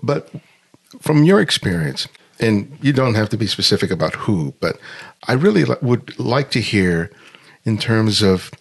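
A man interviewing a guest, asking questions in a measured, slightly hesitant way. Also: fairly low pitch, big pitch swings, vocal fry, slightly rough.

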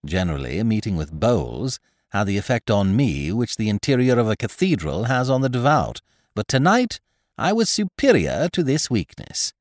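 Brief: male narrator, lively wry storytelling, slightly low voice, dry close sound. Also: moderate pace, no room sound. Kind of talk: scripted audiobook narration.

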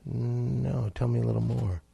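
A man's voice: mid-range voice, steady tone, unhurried, gravelly, warm tone, husky, no room sound, full character voice. A man playing a sleazy, evasive male auto mechanic in an improv comedy sketch.

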